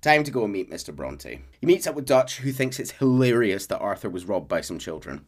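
A man co-hosting a podcast, casually retelling a game's story and slipping into quick character voices. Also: fairly low pitch, big pitch swings. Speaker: podcast co-host.

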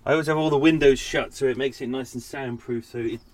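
A man's voice: medium pitch, steady tone, quick pace. A man hosting a podcast, chatting casually and unscripted while making tea on his boat. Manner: rambling, chatty, yawning, talking while doing chores. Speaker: podcast host. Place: narrowboat cabin.

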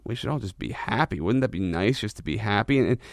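Animated and quick, a podcast host with a lowish voice talks openly about his own frustrations in a personal monologue. His delivery rambles and keeps restarting, and the studio recording is clean and dry.

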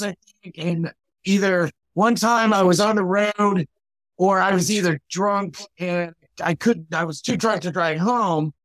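A man's voice: high-pitched, fairly bright tone, no echo. A man, a comedian guest on a podcast, chatting casually with a rambling, laugh-prone manner. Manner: laughs often, rambling with fillers. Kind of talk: casual chat.

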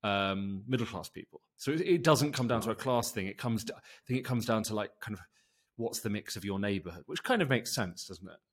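A man from the south of England co-hosting a podcast, thinking aloud with hesitant pauses. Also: lowish voice. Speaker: podcast co-host. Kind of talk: casual chat.

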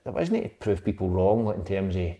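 A man's voice: low voice, big pitch swings, fairly quick, warm tone. A Scottish man, a former footballer, chatting casually and rambling through anecdotes with the odd swear word. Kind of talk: casual chat about his playing days.

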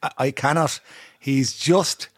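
A man's voice: mid-range voice, steady tone, slow pace, dry recording, studio quality. A man co-hosting a podcast in casual chat, talking freely and swearing a lot. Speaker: podcast co-host, comedian.

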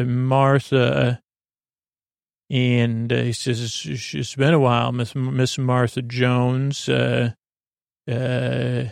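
Gravelly, flat-voiced man recapping a show. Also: mid-range voice, dry recording, studio quality. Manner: rambling, halting, with many fillers; acts out quoted lines in a near-plain voice. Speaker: podcast host. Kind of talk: casual bedtime episode recap.

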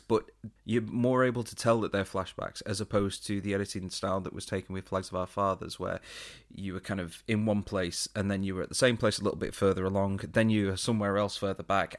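A man's voice: lowish voice, fairly bright tone, no room sound, studio quality. A man co-hosting a podcast, explaining and reviewing films in a chatty, laid-back way. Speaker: podcast co-host. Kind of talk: casual film review chat.

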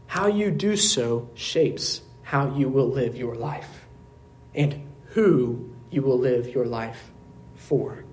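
A man pastor preaching a sermon in a church service, earnest, asking rhetorical questions and dropping to quiet emphasis. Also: mid-range voice, takes it slowly.

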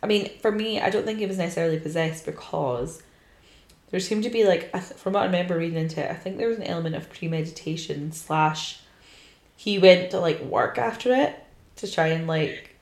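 A woman's voice: lowish voice, brisk, darkish tone, roomy sound. A woman hosting a podcast, chatting casually and bluntly. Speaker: podcast host. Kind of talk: casual chat.

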